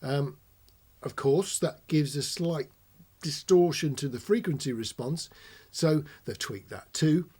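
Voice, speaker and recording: A man hosting an informal technical explainer, chatty, switching between quiet talk and loud shouting into a close commentary mic. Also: on the high side, slow pace, husky. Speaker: host demonstrating audio gear. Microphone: close ribbon commentary mic.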